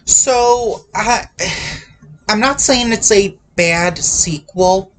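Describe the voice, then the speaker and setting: A man chats casually about a film, slow and unhurried, circling around his points with restarts and hedges. A faint ambient hum sits behind him. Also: high-pitched, fairly bright tone. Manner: halting, full of restarts and hedges. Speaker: podcast host. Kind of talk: casual movie review chat.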